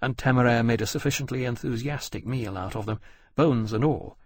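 A man narrating an audiobook in a measured, descriptive storytelling manner. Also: medium pitch, husky. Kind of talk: scripted narration.

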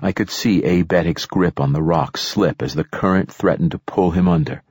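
Deep husky male audiobook narrator. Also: dry recording, studio quality. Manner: steady, measured reading with shouted dialogue bursts. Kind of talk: first-person audiobook narration.

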